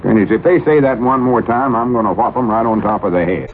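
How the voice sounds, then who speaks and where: An actor playing a slow-talking, easily embarrassed country storekeeper with a drawl, in 1940s radio comedy. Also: male voice, medium pitch, a little hiss or hum, lightly acted. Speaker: general store keeper. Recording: tinny old radio broadcast recording.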